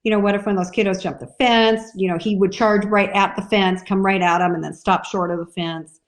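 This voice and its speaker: A woman's voice: mid-range voice, fairly even intonation, fairly quick. A woman dairy farmer as a podcast guest, chatting casually and acting out little voices in her stories. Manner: chatty storyteller, acts out voices.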